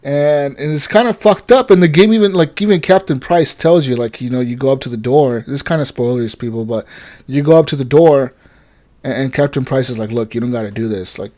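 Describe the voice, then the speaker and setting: A young man co-hosting a gaming podcast, telling a story with animated energy, swearing and acting out the characters' lines. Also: medium pitch, fairly quick. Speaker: podcast co-host. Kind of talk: casual gaming chat.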